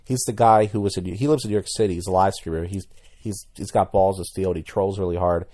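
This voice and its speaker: Guy with a lowish voice just rambling at the camera, blunt, keeps restarting, kinda dark and mellow. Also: fairly even intonation, fast talker. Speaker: YouTuber. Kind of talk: casual commentary vlog.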